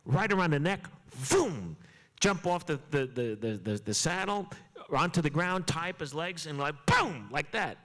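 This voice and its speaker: An older man being interviewed, telling a comic anecdote with lively acted-out dialogue and stammering restarts. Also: a little high, normal speed. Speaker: interview guest. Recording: long hall reverb.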